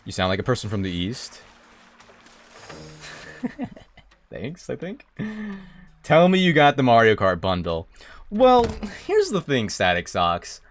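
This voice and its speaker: An excitable male streamer talks his way through a video game, his pitch swinging widely as he chats. He drops into mumbled asides, then jumps into sudden high yelps at surprises. Faint game music plays softly behind him. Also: measured pace, long pauses. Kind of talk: casual live-stream chat.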